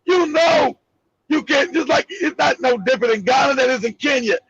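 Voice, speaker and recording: A man co-hosting a casual online talk show, loud and profane, joking and laughing as he talks. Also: extremely high pitch, a little fast, no echo, highs cut off. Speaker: co-host.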